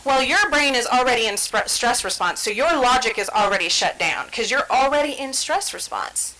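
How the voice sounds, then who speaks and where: On the high side and animated, this woman's pushed, bright voice moves at a moderate pace through an educational talk on stress and the brain. As a trainer, she stays conversational, acts out daily situations with quoted inner voices, and keeps checking in with "right?". The audio is rough.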